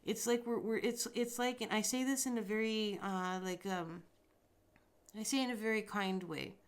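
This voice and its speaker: A woman's voice: medium pitch, fairly even intonation, moderate pace. A woman hosting a podcast, talking bluntly and emphatically in a casual spiritual monologue, with frequent swearing. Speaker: podcast host.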